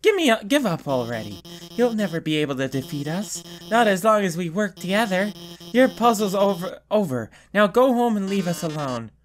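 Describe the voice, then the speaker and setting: A man's voice: big pitch swings, normal speed, slight background noise. Man doing a nervous lady scientist. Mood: defiant. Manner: stammering, pitched up. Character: nervous female lizard scientist, shy and earnest. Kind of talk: reading game dialogue aloud.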